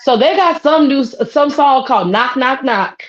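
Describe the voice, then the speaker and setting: A woman's voice: sits high, expressive, measured pace. A woman co-hosting a casual podcast chat, ranting heatedly with heavy profanity. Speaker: podcast co-host. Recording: dull lo-fi sound.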